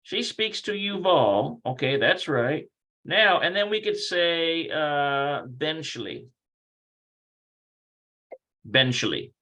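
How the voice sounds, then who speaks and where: A man running a relaxed livestreamed language class from his computer. His voice is bright and sits a little high. He rambles, works things out aloud and corrects himself mid-sentence. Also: slow, long pauses, rough recording. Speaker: Hebrew teacher. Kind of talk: casual livestreamed language lesson.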